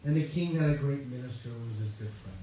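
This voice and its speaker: A man's voice: medium pitch, fast talker, mellow, a little hiss or hum. A man, a spiritual teacher, giving a conversational sermon with a story. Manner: conversational, uses many "you know" asides. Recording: echoey hall, mic far off, faint ambience.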